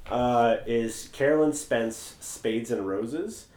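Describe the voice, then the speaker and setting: A man co-hosting a podcast, chatting casually in a rambling, animated way and swearing freely. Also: mid-range voice, takes it slowly. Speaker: podcast co-host. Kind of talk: casual chat. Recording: echoey room.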